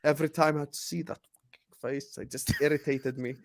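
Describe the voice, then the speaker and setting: A young man ranting on a fan podcast in a higher voice than most men. He swings between loud outbursts and muttered asides, repeating himself for effect. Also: fairly even intonation, a little fast, gravelly. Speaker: co-host. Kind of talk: heated casual podcast chat.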